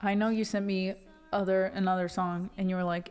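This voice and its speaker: Chatty woman streamer with soft music behind. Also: medium pitch, level tone, a little fast, smooth. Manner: chatty and affectionate, laughs often. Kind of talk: casual chat with stream viewers.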